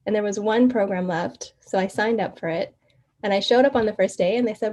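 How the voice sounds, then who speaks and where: A woman guest in an interview, telling her story in a casual, animated way, laughing often and acting out the quoted exchanges. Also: medium pitch, moderate pace.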